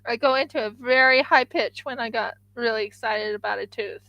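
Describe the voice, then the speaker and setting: A woman's voice: on the high side, a little fast, sharp tone, dry recording, muffled recording. A woman live-streaming her craft work, chatting casually and thinking aloud to viewers as she sculpts.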